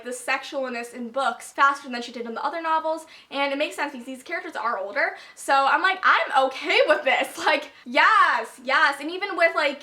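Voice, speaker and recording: Young woman book vlogger: high, bright, gushing, full of fillers, talking close to a camera mic. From United States. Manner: gushing and excitable, lots of "like" and laughing. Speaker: book reviewer. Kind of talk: casual book review vlog.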